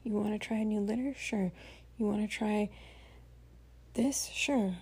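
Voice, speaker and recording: A polite, obedient house cat, as a woman puts her on answers in a breezy half-whisper. The tone is mellow and a little husky, and she agrees to everything. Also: mid-range voice, steady tone, measured pace. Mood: agreeable.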